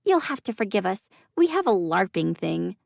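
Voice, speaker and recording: A woman's voice: medium pitch, very animated, normal speed, vocal fry, no room sound, studio quality, pitched above the performer's own voice. A woman voicing a breathless, bubbly teenage girl. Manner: bright and breathless.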